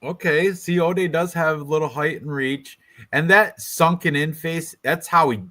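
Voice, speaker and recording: A man's voice: a little high, steady tone, measured pace, bright, forceful tone. A man hosting a casual fight prediction show, rambling and joking with his co-hosts. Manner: joking, rambling, trash-talking with laughs. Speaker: podcast host.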